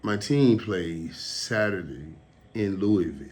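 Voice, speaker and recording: A man's voice: low voice, lively intonation, takes it slowly, darkish tone. Emotional rambling man, casual talk. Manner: emotional, rambling, repeats words. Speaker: show host.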